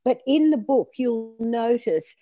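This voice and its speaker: An older woman raised in Australia and born in Greece, telling her story in an animated, conversational interview. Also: on the high side, slow pace, no echo, highs cut off. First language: Greek. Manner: animated storyteller acting out quoted dialogue. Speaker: author being interviewed.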